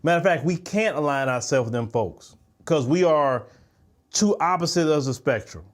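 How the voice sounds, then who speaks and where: A man giving heated reaction commentary, lecturing and indignant, swinging between sharp exclamations and low, dismissive asides. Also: lively intonation, normal speed.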